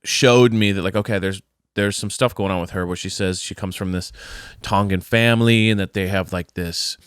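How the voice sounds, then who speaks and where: A man's voice: low-pitched, steady tone, normal speed, clear, resonant tone, no echo, studio quality. A man co-hosting a podcast, chatting casually through a reality-TV recap and slipping into exaggerated mock voices. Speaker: podcast co-host.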